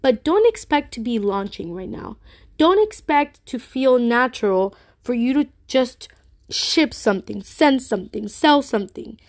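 A US woman hosts a casual solo podcast talk, addressing listeners directly in an earnest, reassuring way. Her voice is a little high, expressive, and somewhat slow, with a stuffy, congested sound.

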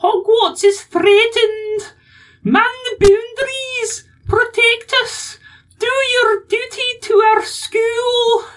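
A man putting on a high falsetto Scottish accent to play a stern older witch teacher, yelling. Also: fairly even intonation, slow pace, exaggerated voice. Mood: commanding. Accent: put-on Scottish. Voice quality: strained falsetto, yelled.

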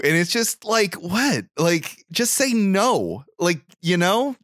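A man's voice: medium pitch, animated, normal speed, few pauses, a bit bright, no room sound, clean studio sound. A young man co-hosting a podcast, thinking aloud about a film in a casual, hesitant way, often repeating words as he searches for them. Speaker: podcast co-host. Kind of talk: casual movie discussion.

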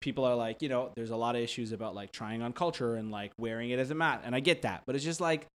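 A young adult man co-hosting a casual chat; he rambles, fills his talk with "like," and slips into quick impressions. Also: mid-range voice. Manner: rambling, heavy use of "like" fillers; animated, drops into quick voice impressions.

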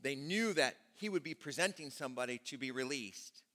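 A male pastor preaching a sermon in a church, retelling scripture dramatically with loud peaks and hushed drops. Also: medium pitch, animated, brisk.

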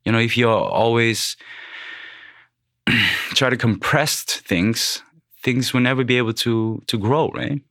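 A man's voice: mid-range voice, fairly even intonation, a little slow, pauses often, fairly bright tone, no room sound, studio quality. A man in his thirties who grew up in the Netherlands, a podcast guest speaking bluntly and frankly in casual chat, swearing freely. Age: 30s.

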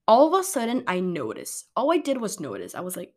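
A woman's voice: medium pitch, wildly swooping pitch, brisk, few pauses, darkish tone. A young woman talking straight to her viewers about anxiety and self-care, earnest and rambling, often restarting her sentences. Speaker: wellness vlogger. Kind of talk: candid motivational monologue.

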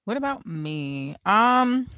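Woman musing out loud in a chat, lots of ums, bright clear tone. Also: medium pitch, sing-song, low-quality recording. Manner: thoughtful, measured, many fillers. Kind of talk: casual chat.

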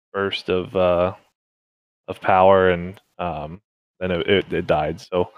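Low-voiced racing driver, halting. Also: male voice, clean tone, no echo, lo-fi sound. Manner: halting, many fillers and restarts. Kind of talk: casual interview chat.

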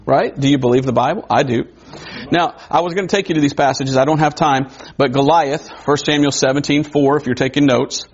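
Gravelly-voiced male preacher, lo-fi. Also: medium pitch. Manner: conversational, wondering aloud, quick asides. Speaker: pastor. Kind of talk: sermon. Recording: dull lo-fi recording.

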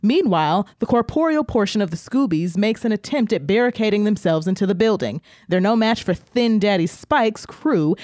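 A woman's voice: mid-range voice, darkish tone, dry recording, clean studio sound. A woman co-hosting a podcast, recapping a TV episode in casual chat with crude, profane jokes. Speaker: podcast co-host.

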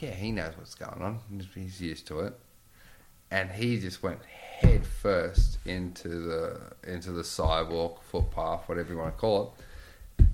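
A man telling rowdy stories in a casual chat, swearing often and getting animated. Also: deep voice, gravelly.

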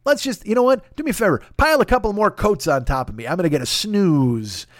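A man's voice: high voice, expressive, quick pace, dry recording, clean studio sound, voice pushed up. A man voicing a drowsy, lazy inner voice that brushes off worries and wants to keep sleeping. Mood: sleepy. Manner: lazy, dismissive, soothing.

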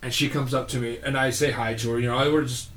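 A man's voice: mid-range voice, fairly even intonation, quick pace, fairly bright tone. A middle-aged man, a podcast guest, telling rambling, profane stories in casual chat and laughing through them. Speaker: podcast guest, younger brother. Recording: roomy echo, faint hiss.

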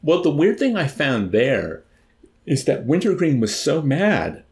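A man's voice: fairly high pitch, very animated, measured pace. A man reading a novel aloud expressively, then chatting about it casually as co-host. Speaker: reader and co-host.

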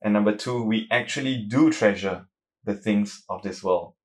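A man's voice: steady tone, normal speed. A man preaching an earnest, emphatic sermon on suffering, reading scripture aloud between his points. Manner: rises in pitch and volume when reading scripture.

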